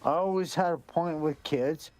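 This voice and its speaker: A man's voice: a little high, normal speed, a little mellow. A man on a voice-call stream, telling a rambling story and swearing freely. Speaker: stream guest. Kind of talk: casual chat.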